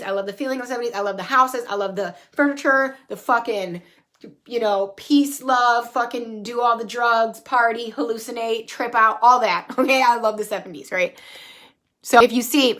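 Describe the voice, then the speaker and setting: A woman in her thirties telling a story about her home in a casual, animated and profane way, recorded on her phone at home. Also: fairly high pitch, a little fast. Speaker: spiritual coach and vlogger. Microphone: phone camera.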